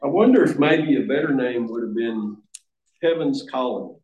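A man's voice: medium pitch, normal speed, darkish tone, muffled recording. A man preaching a sermon in a church, earnest and emphatic, sometimes restarting his phrases. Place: church sanctuary. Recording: echoey church room.

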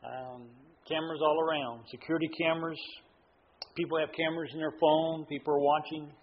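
A man's voice: a little high, level tone, brisk, breathy edge. A man preaching a sermon, telling stories in a folksy way with many fillers and restarts. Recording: dull lo-fi sound with faint room noise.

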